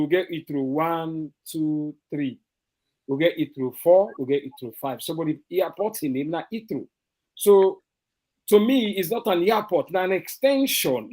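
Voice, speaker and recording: A man's voice: a little high, a little mellow. A man with a Sierra Leonean Krio accent, speaking as a party commentator on an online political talk show, emphatic and repeating his phrases. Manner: emphatic, repetitive, restarts phrases.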